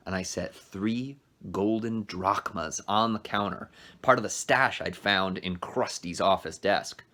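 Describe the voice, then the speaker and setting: A male teacher reads a novel aloud to his class at a brisk pace. His voice sits fairly low, and he drops in short asides to explain words as he goes. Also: a bit bright. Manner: brisk storytelling read-aloud, adds asides.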